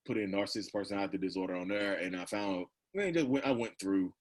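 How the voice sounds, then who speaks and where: A man's voice: on the low side, quick pace. A man in his thirties talking casually as a podcast guest, rambling with lots of "like" and "you know" and laughing often. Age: 30s. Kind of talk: casual conversational storytelling.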